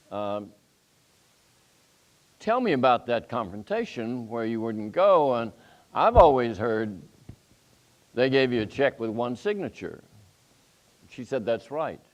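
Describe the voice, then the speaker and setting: Older man telling a story on a panel. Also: medium pitch. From Nashville. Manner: animated storyteller, acting out quoted dialogue.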